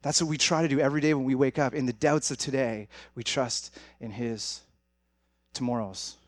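A man's voice: mid-range voice, steady tone, moderate pace, no echo, clean studio sound. A young man preaching a sermon as pastor, talking to the congregation in a direct, conversational way. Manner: conversational, direct, addresses audience as guys.

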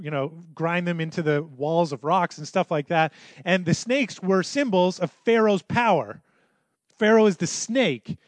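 A man's voice: high-pitched, no echo. A man preaching a sermon as pastor in a church, telling the story conversationally and acting out the quotes.

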